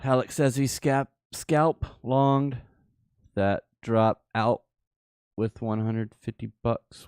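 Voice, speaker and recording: A man's voice: mid-range voice, slow pace, a little mellow, clean tone, no room sound, clean studio sound. A man from the American South hosting a casual livestream, joking and laughing often. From Southern United States. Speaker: livestream host.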